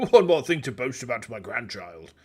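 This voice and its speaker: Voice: mid-range voice, very animated, moderate pace, a little hiss or hum, pitched below the performer's own voice, lightly acted. A streamer voicing a kindly, easily impressed elderly judge in a video game.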